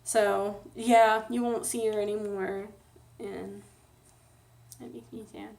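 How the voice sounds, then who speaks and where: A woman's voice: mid-range voice, flat delivery, takes it slowly, vocal fry, a little mellow. A woman talking casually to camera in a personal vlog, telling a sad story in a rambling, emotional way with nervous laughs. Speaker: vlogger.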